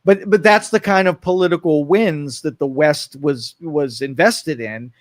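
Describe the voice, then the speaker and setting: A man co-hosts a local talk radio show, talking politics in a casual, animated way and slipping into quoted voices. His voice sits a little high, and the studio sound is dry and close. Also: a little slow, no echo. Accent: Northeast Ohio. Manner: animated, acts out quoted voices, frequent restarts.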